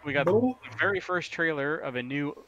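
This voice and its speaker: A man's voice: a little high, animated, moderate pace, muffled recording, a loud crowd. A man co-hosting a casual stream, rambling through game news with lots of fillers and casual swearing. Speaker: stream co-host.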